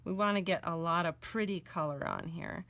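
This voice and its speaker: In this relaxed card-making tutorial, a middle-aged American woman talks at normal speed, her low-leaning, gravelly, slightly bright voice swooping wildly in pitch. She demonstrates each step while coloring, chatting in a homey way and frequently correcting herself.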